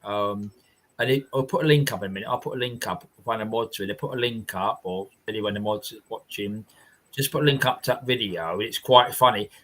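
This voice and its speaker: A man's voice: fairly low pitch, brisk, fairly bright tone, slight background noise. Rambling London man hosting a live chat. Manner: rambling, repeats himself, apologetic restarts. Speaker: livestream host. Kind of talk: casual livestream chat. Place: at home.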